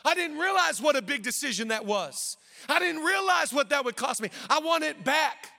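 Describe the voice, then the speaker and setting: A man's voice: very high voice, expressive, normal speed, creaky, sharp tone, in a large hall, voice pushed up, heavily acted. A man preaching voices a hungry, impulsive young man who cries out for food and later regrets it, in an exaggerated whiny tone. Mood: regretful.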